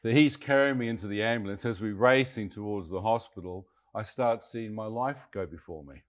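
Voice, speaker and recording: Sixties New man, low-pitched, colloquial storyteller who acts out the voices. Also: a little fast. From New Zealand. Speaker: guest. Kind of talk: dramatic personal storytelling.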